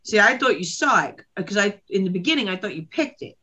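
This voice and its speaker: A woman's voice: medium pitch, expressive, a little fast, dull audio, crowd noise. A woman guest on a podcast, telling a story in casual chat, swearing a lot and acting out her own reactions.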